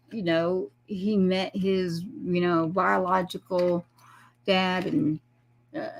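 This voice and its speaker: A woman's voice: on the low side, vocal fry. A middle-aged woman, telling a rambling, earnest personal story as a guest and acting out the people she quotes. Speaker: guest, military mother.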